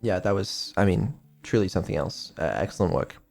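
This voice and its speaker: A man's voice: sits low, expressive, fairly quick, vocal fry, a little mellow, soft background music. A man chatting casually on a stream, rambling and offhand with lots of ums and casual swearing. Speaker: streamer and developer.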